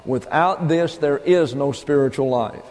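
A man's voice: fairly high pitch, measured pace, darkish tone, big-room sound. A man preaching a methodical teaching sermon from a pulpit, working through numbered points and spelling out terms. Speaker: pastor. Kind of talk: expository Bible teaching sermon. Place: church pulpit.

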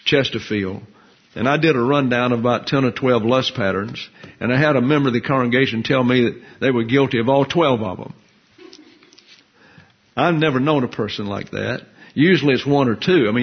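A man delivers a Bible teaching sermon in a steady, emphatic way. His voice is a little husky and sits at an ordinary pitch. The recording sounds dull and lo-fi. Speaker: pastor.

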